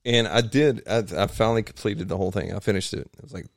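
A man with a low, gravelly voice tells a rambling, animated story, often stopping to restart his sentences. He is recorded dry and close in a home garage. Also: fast talker, no echo. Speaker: podcast guest, triathlete. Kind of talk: casual storytelling interview.

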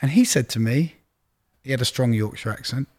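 Brief: middle-aged man, casual interview guest, anecdotal and chatty, even mid-range pitch. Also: fairly quick. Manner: chatty anecdotal storyteller, exaggerates for laughs. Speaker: record label executive, guest.

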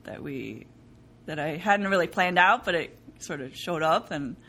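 Lively young woman playwright chatting. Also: low voice, unhurried, a little hiss or hum. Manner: animated, laughing, quotes people in bright voices. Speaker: playwright guest. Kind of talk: casual interview chat.

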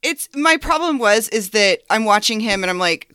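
A woman with a bright, crisp voice chats earnestly on a movie podcast, leaning on "like" and "um." Her voice sounds close and dry, with no room behind it. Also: medium pitch, expressive, normal speed, no echo. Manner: chatty, earnest, lots of "like" and "um". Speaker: podcast co-host. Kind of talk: casual chat about a film.

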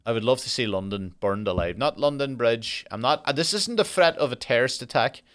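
A young man talks alone into a podcast mic, ranting about a miserable trip in a voice of ordinary pitch. He swears constantly and drifts into exaggerated dark jokes. The delivery is loose, exasperated storytelling. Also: animated, brisk. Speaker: podcast host. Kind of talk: solo podcast monologue.

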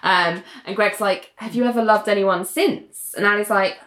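A woman's voice: mid-range voice, normal speed. A woman recapping a TV scene in casual chat, acting out the characters' lines in voices. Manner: animated, acts out scenes in voices. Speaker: podcast co-host recapping a TV show. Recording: echoey room.

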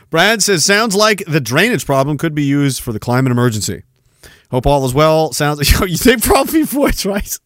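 Sarcastic, animated male podcast host. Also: on the high side, unhurried, no room sound, clean studio sound. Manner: sarcastic, animated, laughs often, swears. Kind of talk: casual livestream commentary reading chat.

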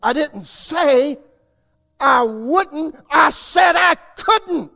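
A male preacher voicing Jesus in a sermon story, speaking sweetly and calmly, sometimes sternly. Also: on the high side, unhurried. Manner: sweet and calm, turning stern. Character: Jesus, calm and firm, gentle then stern.

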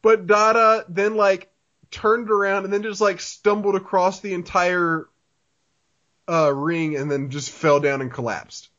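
Male podcast host, casual rambling chat, slightly high voice, dull lo-fi recording. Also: fairly even intonation, a little slow, a bit bright. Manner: rambling, lots of "like" fillers, laughs often. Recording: dull lo-fi audio.

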